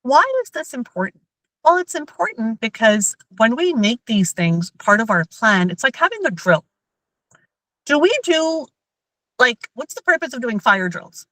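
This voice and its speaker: Woman coach talking to parents, animated and chatty, dry close sound. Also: fairly high pitch, measured pace, no echo, poor audio. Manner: lively, acts out everyday scenes in quoted voices. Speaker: emotional intelligence coach; mother. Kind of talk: parenting workshop talk.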